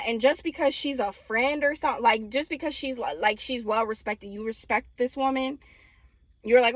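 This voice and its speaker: A woman's voice: fairly high pitch, moderate pace, dry recording. A young woman giving a casual tarot reading, blunt and profane, often laughing and mimicking people. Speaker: tarot reader.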